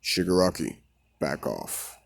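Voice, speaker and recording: A man voicing a calm, shadowy male mist villain who works as a bartender, speaking in a quiet, measured, commanding way. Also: deep voice, breathy edge, full character voice. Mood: quiet, stern.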